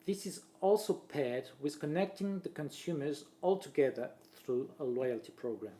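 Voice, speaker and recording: Guy reading his presentation out loud, kinda high voice, goes through points one by one. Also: normal speed. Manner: steady, lists points one after another. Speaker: marketing presenter. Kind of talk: read-aloud presentation voice-over.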